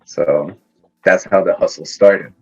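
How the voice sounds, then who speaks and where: A young man from Iran chats easily as a podcast guest. His voice sits fairly low, and he laughs now and then. The audio is a little dull, with faint music underneath. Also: takes it slowly, breathy edge. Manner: relaxed storyteller, laughs often. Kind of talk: casual interview chat.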